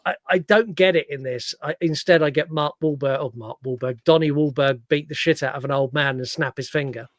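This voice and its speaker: A man hosting a podcast, chatting casually about films, with quick restarts and the odd swear. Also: on the high side, dry recording. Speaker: podcast host. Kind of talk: casual film-review chat.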